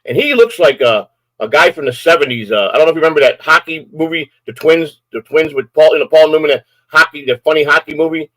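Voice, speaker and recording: Older male streamer, furious profane rant, fairly high voice, dry close mic. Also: animated, fast, fairly bright tone, dry recording, rough recording. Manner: profane, threatening, repetitive. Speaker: live-stream host. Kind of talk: angry live-stream rant.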